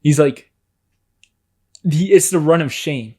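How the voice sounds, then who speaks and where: A man's voice: on the high side, slow, warm tone, husky. A man on a podcast, talking casually and reflectively about faith, hesitant at the start of his thoughts. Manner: hesitant, restarts, then reflective. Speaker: podcast co-host.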